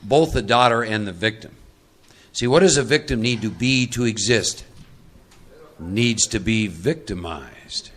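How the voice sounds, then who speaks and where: Texas guy running a recovery workshop, punchy and teasing, bright voice. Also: lowish voice, measured pace, a little hiss or hum. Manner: emphatic, teasing, asks for agreement. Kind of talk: live workshop talk.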